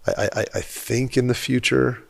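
A man's voice: mid-range voice, level tone, moderate pace, gravelly. A man hosting a podcast, talking in an earnest and emphatic way in casual conversation. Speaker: podcast host.

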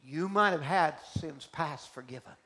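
A man preacher delivering an emphatic, deliberate sermon in a church. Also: a little high. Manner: emphatic, slow and deliberate, swinging between soft and loud.

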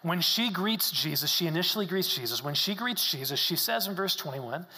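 Man, pastor, sermon delivery, bright tone, big church reverb. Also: fairly high pitch, sing-song, normal speed. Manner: expository preaching, reads scripture aloud, softens to a hush at moving verses.

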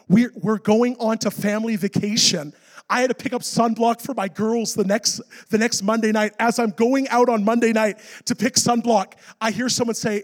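A male pastor preaches to a congregation with a high, lively voice. He tells his story animatedly and climbs to near-shouts at its dramatic moments. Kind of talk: sermon storytelling.

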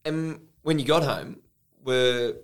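A man interviewing a guest, asking relaxed, curious questions. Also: mid-range voice, slow pace, clear, resonant tone.

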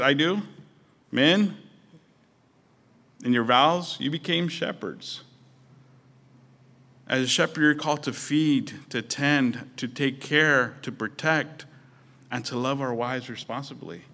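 A man's voice: fairly high pitch, sharp tone. A man preaching a sermon as pastor, conversational and storytelling with touches of humor.

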